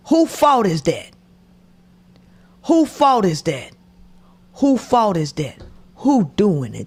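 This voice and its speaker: A woman's voice: mid-range voice, sing-song, slow pace, vocal fry, long pauses, a little mellow, slightly rough. A woman commentating on a podcast clip in a preachy way, repeating her points and often dropping to a whisper. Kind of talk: reaction commentary.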